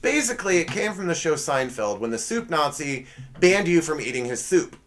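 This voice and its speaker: Animated sarcastic male podcast host. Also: on the high side, normal speed. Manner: sarcastic, rambling, self-correcting asides. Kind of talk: casual comedic monologue.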